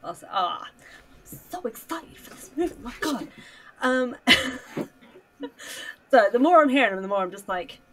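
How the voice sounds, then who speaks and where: A woman's voice: on the high side, lively intonation, measured pace, long pauses, a bit bright, low-quality recording. A woman hosting a casual interview, bubbly and enthusiastic, with lots of fillers and laughter. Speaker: interviewer host. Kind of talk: casual video-call interview.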